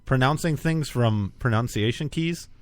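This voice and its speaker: A man's voice: medium pitch, normal speed, no echo. Guy co-hosting a talk show, chill and dry, plays along, no room sound. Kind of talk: casual live radio talk show banter. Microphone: studio mic.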